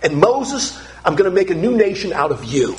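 An exasperated, furious God who wants to be left alone, as a male preacher puts him on in a sermon. The voice sits somewhat high and speaks with heated emphasis. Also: big pitch swings, normal speed, a little mellow. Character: furious God, weary of his people.

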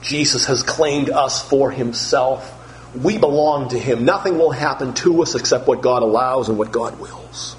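A man's voice: medium pitch, measured pace, a little hiss or hum, low-quality recording. A man preaching an expository sermon, emphatic and repetitive, firing off rhetorical questions.

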